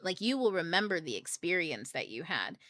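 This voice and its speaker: A young woman hosts a casual livestream, rambling through ideas with jokes and plenty of swearing. Her voice is bright and forceful but pitched on the low side. The sound is close and dry, with no room echo. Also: sing-song, fairly quick. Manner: rambling, profane, joking. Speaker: book club host.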